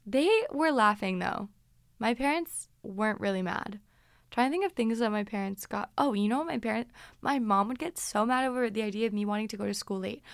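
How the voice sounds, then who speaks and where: A woman's voice: mid-range voice, a little fast, vocal fry, no echo, studio quality. A woman in her twenties casually telling stories from her teens as a podcast host, chatty and dramatic. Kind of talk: casual storytelling.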